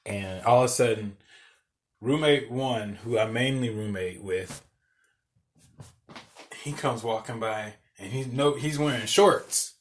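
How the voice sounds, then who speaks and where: A man's voice: medium pitch, takes it slowly, long pauses. Young guy hosting a podcast, rambling funny story, swears a lot, cracks himself up. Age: young adult. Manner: loose, profane, laughs through his own story. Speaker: podcast host. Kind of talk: casual storytelling.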